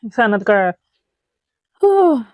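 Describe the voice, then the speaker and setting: A woman hosting a casual movie reaction, animated and stammering, talking back at the screen. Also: on the high side, a little slow, dry recording, narrow, tinny audio. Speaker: reaction video host.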